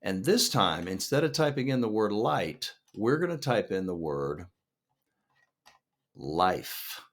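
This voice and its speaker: A man's voice: lowish voice, sing-song, moderate pace. A man teaching a songwriting lesson as a screen-share tutorial, explaining step by step and checking in with the listener. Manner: upbeat, explanatory, checks in with "okay?".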